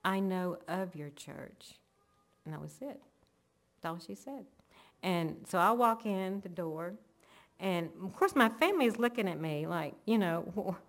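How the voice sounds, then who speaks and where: A woman telling an earnest, emotional personal faith testimony, linking events one after another. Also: mid-range voice. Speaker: church member giving testimony.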